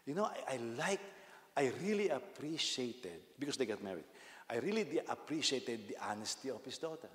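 In an echoey hall with long reverb, a pastor preaches a sermon in a medium-pitched voice with lively intonation, speaking a little fast. He tells a story, laughs at his own anecdotes as he goes, and acts out the quotes.

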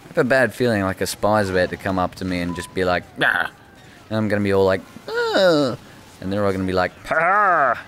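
A young man mumbling casual commentary while playing a shooter game, breaking into sudden high yelps now and then. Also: steady tone, very fast, few pauses, soft background music. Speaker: gaming channel host.

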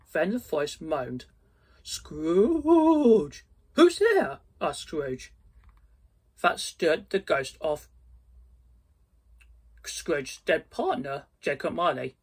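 A man reading a storybook aloud slowly and carefully, with small slips. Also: a little high, slightly rough.

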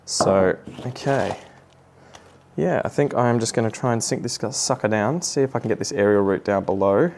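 A man's voice: lowish voice, moderate pace, vocal fry, darkish tone, slight background noise. A man with an Australian accent who talks viewers through repotting a plant in a casual, self-deprecating way, with joking asides. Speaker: plant vlogger. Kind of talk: casual how-to narration while repotting.

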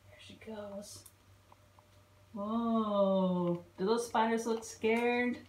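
A woman librarian reading a picture book aloud to young children, expressive and stopping to ask them questions. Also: fairly high pitch, very slow, a little hiss or hum. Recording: roomy echo.

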